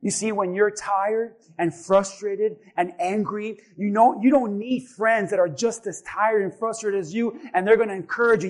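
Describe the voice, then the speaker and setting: Male pastor, high pitch; preaches in rising waves up to full shouts. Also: moderate pace, few pauses. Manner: builds from calm storytelling to shouted exhortation. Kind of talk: sermon.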